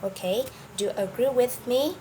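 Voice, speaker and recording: A woman's voice: on the high side, normal speed, dark tone, a little hiss or hum, poor audio. A woman with a Vietnamese accent, a native Vietnamese speaker teaching an English vocabulary lesson, hesitant with many fillers and restarts.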